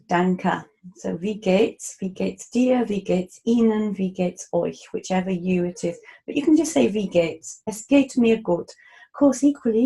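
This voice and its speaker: A woman teaches German in a relaxed, patient way, pausing for casual asides. She speaks slowly, and her voice is mellow and warm. She comes across as an unhurried tutor. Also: mid-range voice, vocal fry, rough recording. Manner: slow, patient explanations with casual asides and fillers. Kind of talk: relaxed spoken language lesson.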